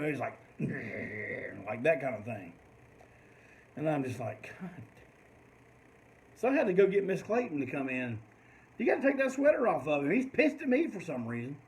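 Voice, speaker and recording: A man's voice: fairly high pitch, poor audio. An older man, telling a long rambling story in casual talk and swearing freely. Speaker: host of a live stream.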